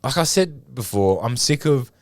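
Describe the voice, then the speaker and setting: A man's voice: medium pitch, expressive, normal speed, a little mellow, no room sound, studio quality. An Australian man co-hosting a podcast, rambling through a story with plenty of swearing and laughter in casual chat. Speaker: podcast co-host.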